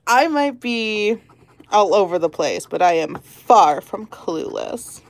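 A woman's voice: medium pitch, very animated, takes it slowly, no echo. A woman hosting a lottery-ticket channel, chatting casually and giggling as she calls out numbers one by one. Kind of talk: casual chat while scratching tickets.

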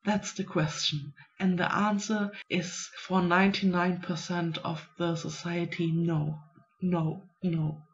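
A woman, a writing vlogger musing aloud to herself in a casual, unhurried way. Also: fairly low pitch, level tone. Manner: musing, unhurried, self-talking. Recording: dull lo-fi recording.

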